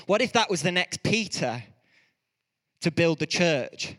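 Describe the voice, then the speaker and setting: A man preaching a sermon, telling stories in a lively way and often correcting himself mid-sentence. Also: sits high, big-room sound. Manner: lively storytelling with quick self-corrections.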